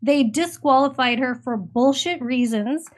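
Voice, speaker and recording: A woman's voice: high voice, a little slow. A middle-aged woman from Canada talks politics in casual chat, rambling and emphatic, and she sounds indignant. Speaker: guest commentator.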